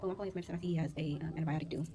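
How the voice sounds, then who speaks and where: A young woman talks through her workday as a nurse in a loose, chatty vlog. She races along at a brisk clip and tells her stories in animated bursts. Her voice sits a little low for a woman, with a faint hum of room noise behind it. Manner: chatty and animated, retells exchanges in quick bursts. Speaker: licensed vocational nurse. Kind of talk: casual vlog chat.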